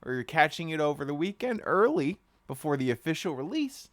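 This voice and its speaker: Lively, animated male podcast co-host. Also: on the high side, brisk, dry recording. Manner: deadpan joking, breaks into laughter. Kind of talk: casual podcast chat.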